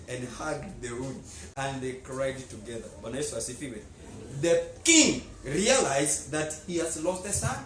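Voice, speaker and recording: A male pastor telling a story in a sermon, animated, dropping to low murmurs and rising to loud exclamations. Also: slight background noise. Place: church sanctuary. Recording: echoey church hall.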